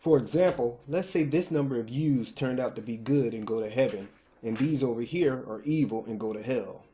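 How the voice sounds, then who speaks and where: A man's voice: mid-range voice, moderate pace, warm tone, a little hiss or hum. Male vlog host, casual and direct, sure of his views, mid-range voice. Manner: direct, opinionated, talks straight to viewers. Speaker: channel host.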